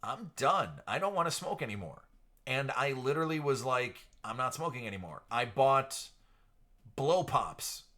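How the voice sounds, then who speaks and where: Bright-voiced man, chatty stream host. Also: medium pitch. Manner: projected radio-style delivery, chatty. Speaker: live stream card breaker host. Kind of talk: casual live stream chat. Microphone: entry-level studio microphone.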